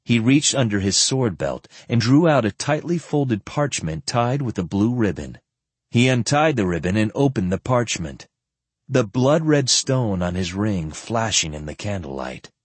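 A man narrating an audiobook in a calm, expressive, scripted way. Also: fairly low pitch, unhurried, breathy edge, dry recording.

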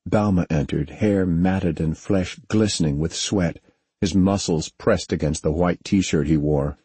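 A man narrating a science fiction audiobook in a measured, steady way, recorded on a close studio mic. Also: low-pitched, slightly rough, dry recording. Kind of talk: scripted narration.

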